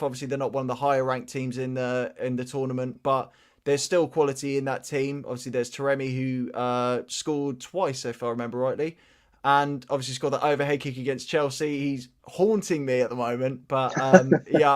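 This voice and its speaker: Male pundit, easygoing and self-mocking. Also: mid-range voice. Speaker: football pundit. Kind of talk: casual chat.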